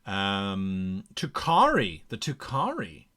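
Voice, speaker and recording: Animated man reading chat live. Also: on the low side, slow. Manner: animated, reads chat aloud, playful. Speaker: game master and stream host. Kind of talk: live stream brainstorming.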